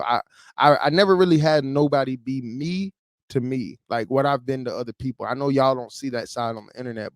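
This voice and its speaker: A man's voice: medium pitch, darkish tone, dry recording, studio quality. A man in his thirties from Chicago, telling a personal story on a livestream in a casual, emotional way with many fillers. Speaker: livestream host.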